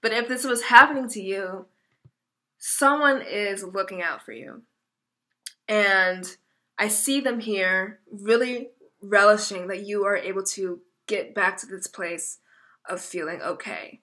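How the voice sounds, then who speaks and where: Bright-voiced chatty woman tarot reader. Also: mid-range voice, unhurried. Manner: chatty, self-interrupting, emotional. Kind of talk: casual tarot reading video.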